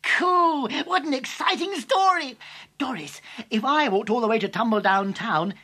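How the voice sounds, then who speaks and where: A woman's voice: on the high side, unhurried, soft background music. A woman voicing a cheerful, chatty small male character on a children's story tape, eager and rambling. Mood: excited. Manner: eager, rambling, easily excited.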